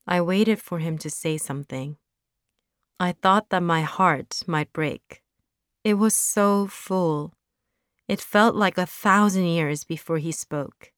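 A woman narrating a story aloud in a slow, careful reading. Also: on the low side, clear, resonant tone, dry recording, clean studio sound.

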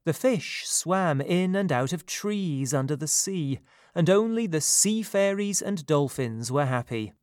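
Slow, measured male storybook narrator. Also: on the high side, animated, a little mellow, no echo, studio quality. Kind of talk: storybook reading.

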